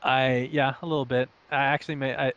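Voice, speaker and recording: A man's voice: medium pitch, level tone, fairly quick, fairly bright tone, dull audio. A young man who grew up in Saudi Arabia and the United States, talking casually as an interview guest. He rambles, pokes fun at himself and laughs often. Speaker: interview guest, esports caster.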